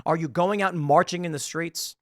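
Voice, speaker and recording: A man's voice: a little high, fairly even intonation, a little fast, no echo, studio quality. A man in his thirties hosting a political commentary show, ranting sarcastically and mocking an article he reads aloud. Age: 30s.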